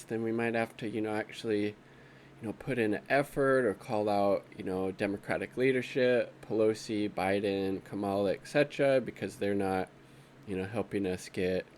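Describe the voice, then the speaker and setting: Scrolling through social media, this man offers loose, profane political commentary that wanders and carries an exasperated edge. His voice is lowish and a touch mellow, with faint hiss or hum in the recording.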